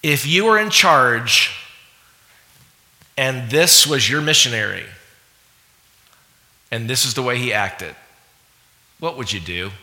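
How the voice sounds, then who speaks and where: A man preaching a sermon to a congregation, animated and conversational, with asides and voices acted out. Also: medium pitch, slow, pauses often, long reverb tail. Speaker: pastor.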